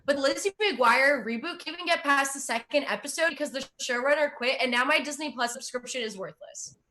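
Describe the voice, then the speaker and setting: A woman's voice: sits high, a little fast, pushed and bright. A young woman from Russia with no Russian accent, doing chatty, self-mocking stand-up as host and laughing at her own jokes. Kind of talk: stand-up comedy.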